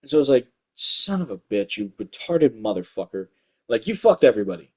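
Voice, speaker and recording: A man's voice: mid-range voice, very animated, a little fast. Young male commentator, light voice, swears constantly, rambling rant delivery. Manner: profane, rambling, full of filler words. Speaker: YouTube commentator. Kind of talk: ranting commentary.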